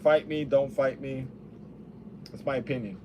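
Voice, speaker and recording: A young man with a middle-pitched voice meanders through a casual talk, cursing often and speaking a little slowly. A light hiss sits under the recording.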